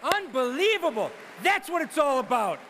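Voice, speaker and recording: A man working as a charity auctioneer, calling bids live at a gala, teasing bidders and shouting out numbers with whoops of excitement. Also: very high voice, moderate pace, a crowd in the background, background noise. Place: banquet hall at a charity gala.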